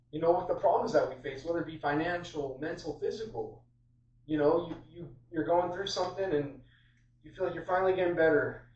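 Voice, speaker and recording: A man's voice: fairly high pitch, darkish tone. A man giving an informal sermon on a Bible passage, conversational and full of fillers and restarts. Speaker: preacher. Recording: roomy, distant, dull sound.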